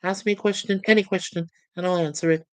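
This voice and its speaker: A woman's voice: lowish voice, steady tone, fast, dry recording, close to an everyday voice. A woman voicing a proud female ship computer who has turned genius, speaking in a boastful, testy way.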